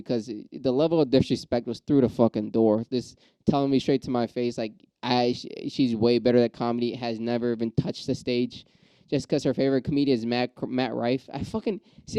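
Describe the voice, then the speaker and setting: A man's voice: mid-range voice, fairly quick, clean tone, no echo, rough recording. A man, an aspiring stand-up comic, in a casual, profane, rambling monologue that flares up and then settles. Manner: profane, rambling ranting with restarts; gets riled up then calms.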